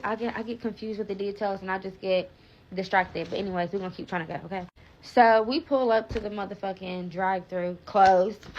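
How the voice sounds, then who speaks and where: A woman's voice: medium pitch, fairly bright tone, rough recording. Rambling young woman telling a storytime. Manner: rambling, frequent "like", swears freely, restarts. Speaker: vlogger. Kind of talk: casual storytime vlog.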